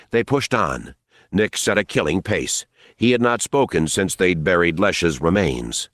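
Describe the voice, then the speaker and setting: A man reading an unabridged novel aloud in a measured, even narration. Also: low-pitched, no echo, clean studio sound. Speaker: audiobook narrator. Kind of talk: scripted audiobook narration.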